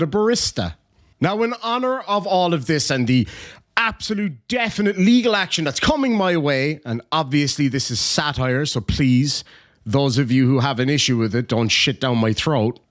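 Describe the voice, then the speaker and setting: An Irish man hosting a comedic commentary video, sarcastic and mocking as he talks. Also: on the high side. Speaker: YouTube host.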